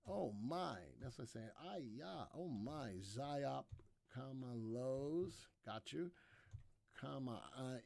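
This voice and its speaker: A hoarse man hosting a live stock-market show, talking upbeat to viewers while he clicks through charts. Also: medium pitch, no room sound. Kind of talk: live webinar commentary.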